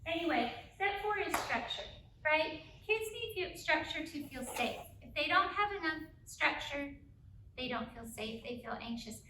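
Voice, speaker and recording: A woman with a high, bright voice speaks energetically to a live audience about parenting, often checking in with "right?". The sound is roomy and a little distant, with faint room noise behind her. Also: expressive, a little slow. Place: school auditorium. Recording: echoey room, mic from a distance.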